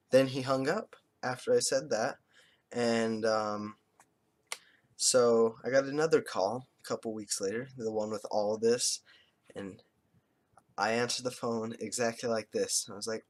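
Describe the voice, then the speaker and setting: A man's voice: mid-range voice, moderate pace. Crude, rambling young vlogger man. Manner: crude, joking, full of swearing. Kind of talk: rambling casual storytelling.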